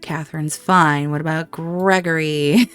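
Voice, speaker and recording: A woman's voice: lowish voice, a little slow, faint music behind. A woman giving casual gameplay commentary, reacting emotionally and talking aloud to the characters on screen. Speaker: gameplay video host.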